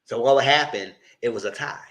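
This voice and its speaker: A man's voice: fairly quick, fairly bright tone. A man giving a live recap of a reality TV show, talking in a sassy, blunt, slangy way. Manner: sassy, blunt, slangy, breaks into mocking high voices.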